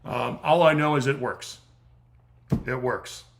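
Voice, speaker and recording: A man's voice: medium pitch, slow, vocal fry, slight background noise. A middle-aged man coaching in a livestream Q&A, blunt and profane, getting fired up as he loses his voice. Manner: blunt, swears freely, gets fired up. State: losing his voice. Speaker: strength coach hosting a livestream Q&A. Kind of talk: casual livestream Q&A, profane and emphatic.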